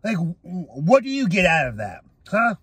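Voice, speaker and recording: An angry young man ranting as a sports fan, swearing hard and often breaking into shouts. His voice sits high for a man. The sound is dry and close, with no room around it. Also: wildly swooping pitch, normal speed, slightly rough, dry recording. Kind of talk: profane rant to camera.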